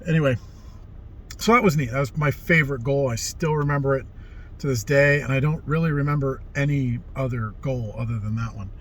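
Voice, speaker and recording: A man's voice: medium pitch, fairly quick, a little hiss or hum. A middle-aged man casually telling rambling stories from his youth, livening up when he quotes people. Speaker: vlogger telling life stories. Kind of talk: casual storytelling.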